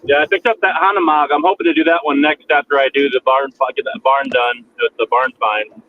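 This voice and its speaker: A man's voice: mid-range voice, steady tone, a little fast. A man chatting as a guest on a livestream, rambling and self-deprecating, with frequent restarts. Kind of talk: casual chat on a livestream. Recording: muffled call audio with faint noise.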